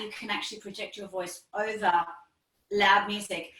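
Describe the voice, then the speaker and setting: A woman vocal teacher explaining singing technique as a podcast guest, lively, demonstrating with her voice and laughing often. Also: mid-range voice, moderate pace, distant mic. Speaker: vocal pedagogy specialist, guest. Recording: echoey room, a bit off-mic.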